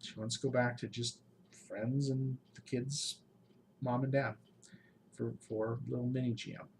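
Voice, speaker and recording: Man, late forties, emotional vlog update, heartfelt, pleading, halting, faint background noise. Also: medium pitch, flat delivery. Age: 40s. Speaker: YouTube game master channel host. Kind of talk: emotional personal update to followers.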